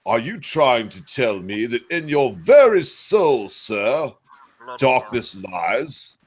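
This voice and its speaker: Hammy posh British gent, as an American man puts him on, slow and theatrical. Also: medium pitch, very animated. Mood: grandiose. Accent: put-on British.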